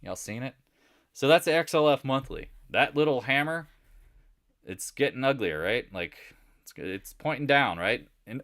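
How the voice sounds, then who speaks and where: Animated, jokey male market host. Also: medium pitch, normal speed, no room sound, studio quality. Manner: animated, jokey, mimics imagined viewers and accents. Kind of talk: casual live market commentary.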